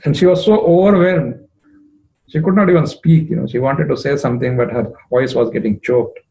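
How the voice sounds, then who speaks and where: A man telling a devotional story, emotive and rising in pitch at moving moments, with frequent fillers. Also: a little fast, creaky, warm tone, rough recording. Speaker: spiritual storyteller.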